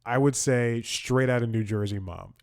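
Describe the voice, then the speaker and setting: A man's voice: mid-range voice, a little slow, darkish tone, no room sound, studio quality. A young man hosting a comedy podcast, telling a rambling story and often chuckling and restarting his sentences. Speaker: podcast host. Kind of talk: casual comedic monologue.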